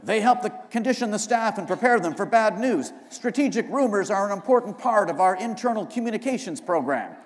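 A man's voice: high-pitched, expressive, brisk, few pauses, pitched above the performer's own voice. A man reading as a blunt agency boss. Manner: matter-of-fact, placating. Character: blunt middle-aged male agency boss. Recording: live reading in a hall.

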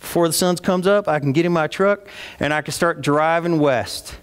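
Guy doing a bragging texas rancher, kinda high voice, big echoey church. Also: normal speed, clear, resonant tone, close to an everyday voice. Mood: boastful. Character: boastful male Texas rancher. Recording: long reverb of a church hall.

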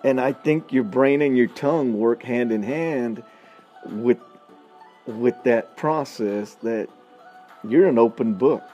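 A blunt, folksy man talks straight to his listeners in a relaxed, storytelling way, chuckling as he goes. His voice is mellow and warm, and faint music plays underneath. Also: medium pitch, slow, dull audio. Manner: blunt, folksy, laughs often, addresses listeners as y'all. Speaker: podcast host. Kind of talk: casual storytelling monologue.

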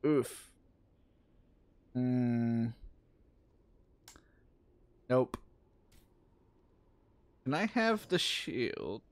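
A man's voice: mid-range voice, big pitch swings, extremely slow, long pauses. A man streaming a video game live, chatting casually with viewers and reacting to the game as he plays. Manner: chatty, answers viewers while playing. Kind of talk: casual gaming commentary.

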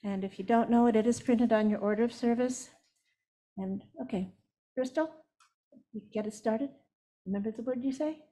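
A woman leading a church service, relaxed and informal as she cues the congregation. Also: a little high, normal speed, long pauses. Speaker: service leader.

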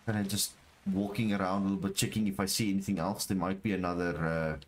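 A man streaming a game live, talking to his chat and exclaiming over what he finds, with low murmurs that jump to excited shouts. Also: quick pace, a little hiss or hum. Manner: excitable, repeats phrases, talks to chat. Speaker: gaming streamer. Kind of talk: live gameplay commentary.

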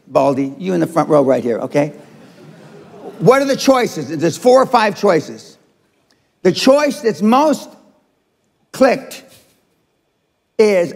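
A high-pitched, gravelly older man lectures a seminar crowd, blunt and profane, jabbing at the audience. His voice rings out in a reverberant live hall. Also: sing-song, a little slow, pauses often. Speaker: seminar speaker. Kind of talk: motivational seminar talk.

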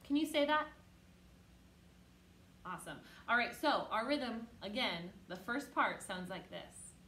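A woman's voice: a little high, animated, sharp tone. A woman teaching an online music lesson to children, speaking patiently and encouragingly. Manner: patient, encouraging, speaks slowly and clearly to kids. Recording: roomy echo, faint music behind.

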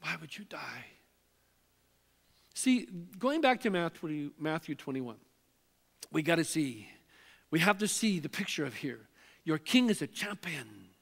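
A man preaching a sermon as a pastor, swinging from loud calls to hushed, near-whispered lines. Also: fairly high pitch, very animated, a little slow, vocal fry. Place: church sanctuary. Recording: long hall reverb in a church sanctuary.

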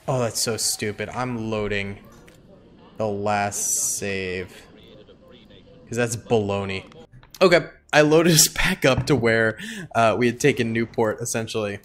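A man's voice: lowish voice, unhurried, a bit bright. A young man giving casual gameplay commentary, chatting to himself and pleading with his units. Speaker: gaming YouTuber.

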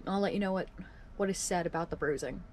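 A woman's voice: fairly low pitch, fast, a little mellow, slight background noise. A woman in her twenties talking casually to the camera at home in a wry, self-deprecating video diary. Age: 20s. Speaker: vlogger. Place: at home, indoors.

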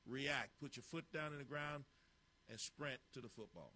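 A football coach talks over practice footage in short, clipped cues, bluntly calling out poor technique. His voice is bright and forceful, with a middle pitch. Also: lively intonation, normal speed, a little hiss or hum. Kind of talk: narrating a drill tape.

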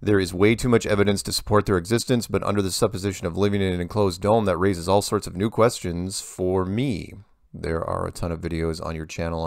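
A man's voice: sits low, vocal fry, no echo, studio quality. A man hosting a casual Q&A, reading viewer emails aloud and answering them in a rambling way that often breaks off and restarts. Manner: rambling, self-interrupting, restarts sentences. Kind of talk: casual Q&A monologue.

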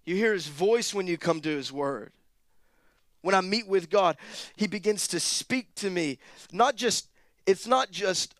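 A man preaching a sermon, his voice a touch high and clear. He moves from easygoing, joking asides to loud, rising exhortation. The sound is close and dry, with no room echo. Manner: animated preaching, rising to near-shouted emphasis, with quick asides. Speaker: pastor.

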